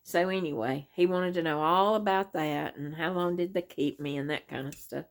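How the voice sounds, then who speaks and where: Low gravelly woman rambling. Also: moderate pace. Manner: rambling storyteller, many "um" and "anyway". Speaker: crochet vlogger. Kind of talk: casual rambling chat.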